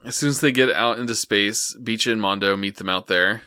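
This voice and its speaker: A man calmly retelling an anime plot in casual chat, stringing his story together with "and, uh". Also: fairly low pitch, fairly quick, smooth. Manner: steady storytelling with many "and, uh" fillers. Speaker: podcast co-host.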